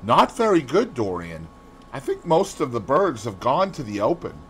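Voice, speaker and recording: A man voicing a hot-tempered aristocratic hunter who exclaims loudly, in an audiobook reading. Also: mid-range voice, wildly swooping pitch, normal speed, slight background noise. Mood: offhand. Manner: loud and exclaiming.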